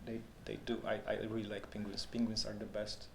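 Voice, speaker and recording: A man's voice: fairly low pitch, little pitch movement, fairly quick, vocal fry, a little mellow, a little hiss or hum. A man with a Polish accent chatting casually and jokingly on a live stream, tripping over and repeating words now and then. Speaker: game developer streamer. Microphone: handheld microphone.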